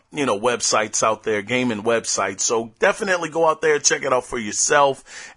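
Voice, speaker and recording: A young adult man hosting a casual gaming news podcast, rambling and excitable as he talks off the cuff. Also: mid-range voice. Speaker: podcast host.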